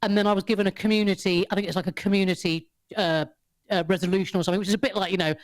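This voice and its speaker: A woman, a podcast guest who tells a story in casual chat, animated, swearing freely and laughing often. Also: medium pitch, racing.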